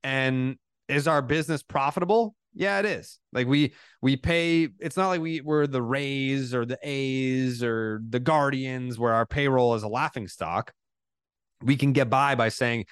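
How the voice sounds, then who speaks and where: A blunt, opinionated man chatting as a podcast guest. His voice is smooth and clear, and he swears freely. The sound is dry and close, without room reverb. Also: medium pitch, unhurried. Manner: blunt, opinionated, swears, brash online jokester. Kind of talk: casual podcast chat.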